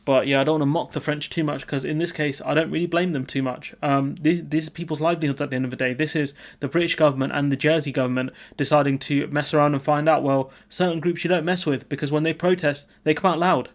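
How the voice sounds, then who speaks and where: A young man with a slightly higher voice delivers casual news commentary. He sounds informal and opinionated, and keeps his sentences going with frequent fillers. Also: fairly even intonation, fast talker, hardly any pauses.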